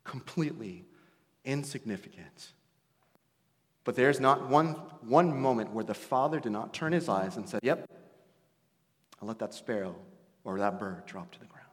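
A man preaching a sermon in a conversational way, with laughing asides, swinging from loud storytelling to hushed, intimate lines. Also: mid-range voice, expressive, normal speed, long pauses. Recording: long hall reverb.

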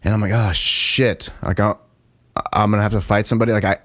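A man's voice: lowish voice, a little fast, fairly bright tone, no echo, clean studio sound. A man co-hosting a podcast, telling a long story in casual talk, swearing freely and laughing at his own tale. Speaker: podcast co-host.

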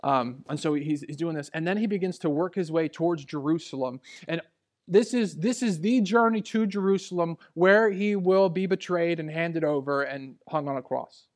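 A thirty-something male pastor preaches in a church sanctuary through a handheld or stage microphone, at a moderate pace and with a pitch on the high side. He shares personal stories in a conversational, storytelling manner, swinging from hushed asides to raised emphasis.

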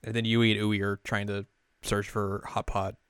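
A man's voice: lowish voice, level tone, moderate pace, a bit bright, clear, resonant tone, no echo. A man hosting a podcast, chatting through an episode recap with fillers and laughs. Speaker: podcast host.

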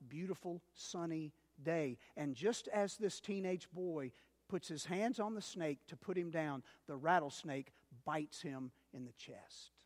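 A male pastor preaching a sermon, telling a story dramatically with big swings between loud and hushed. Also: high voice. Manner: addresses listeners as "dear ones". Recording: long reverb of a large hall.

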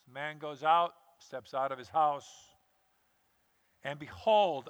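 A male pastor preaching a sermon, telling a scripture story with lively acted-out quotes. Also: high voice, smooth, in a large hall.

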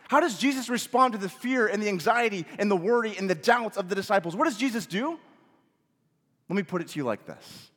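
Man preaching a sermon, voice kinda high, goes loud then real quiet, reverb hanging in the room. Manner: rising to emphatic questions, dropping to soft hushed phrases. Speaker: pastor.

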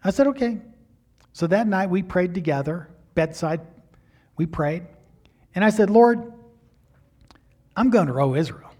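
A middle-aged male pastor telling a personal story in a sermon, animated, acting out the quotes with big swings in loudness. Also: high-pitched, measured pace, long pauses, husky.

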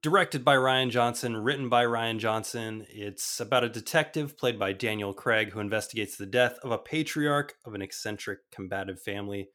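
A man's voice: medium pitch, moderate pace, few pauses. A man co-hosting a podcast, chatting casually about movies and leading the segments. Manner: relaxed, conversational, leads the segment. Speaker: podcast co-host.

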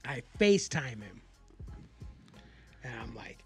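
A man's voice: high-pitched, moderate pace, gravelly, bright, forceful tone, faint music behind. A man in casual chat, telling a profane story and acting out the voices of the people in it.

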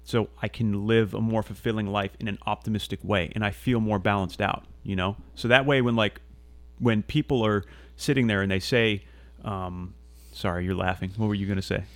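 Low, earnest rambling man. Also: fairly even intonation, moderate pace, no echo. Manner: rambling, earnest, many restarts and fillers; casual swearing. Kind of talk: casual conversational monologue.

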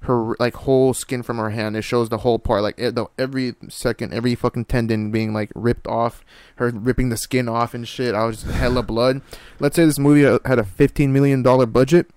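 A young man in casual chat, telling an animated story full of slang and swearing. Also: mid-range voice, fairly quick, few pauses, smooth, no room sound.

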